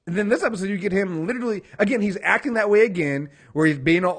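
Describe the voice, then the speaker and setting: A man's voice: high voice, lively intonation, fast talker, hardly any pauses, slightly rough. A man co-hosting a casual TV recap podcast, swearing freely and acting out characters' lines as he talks. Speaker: podcast co-host.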